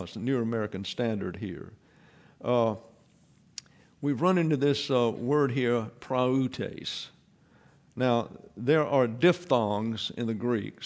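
A man giving an expository Bible lesson in a measured, explanatory way, with pauses and fillers. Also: mid-range voice. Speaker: Bible teacher.

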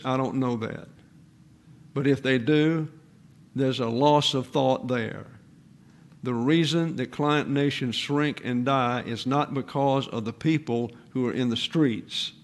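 A man in his eighties, a pastor giving a sermon in an earnest, measured way with pauses. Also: mid-range voice. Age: 80s.

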